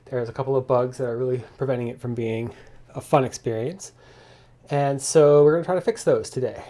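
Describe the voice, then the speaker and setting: A man thinking aloud in a casual coding log as he walks through his software bugs, with lots of restarts and asides, keyboard typing behind him. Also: medium pitch, a little fast. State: slightly out of breath.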